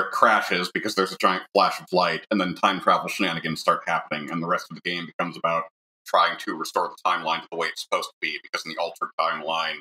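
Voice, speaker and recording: Deep-voiced enthusiastic male guest. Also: bright, forceful tone, rough recording. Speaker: podcast guest. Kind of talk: casual podcast chat.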